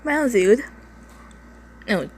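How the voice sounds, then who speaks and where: A woman's voice: on the high side, animated, very slow. A young woman casually reading a story aloud at home, often stumbling over words, laughing and adding side comments. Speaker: reader of fan fiction. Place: home, indoors.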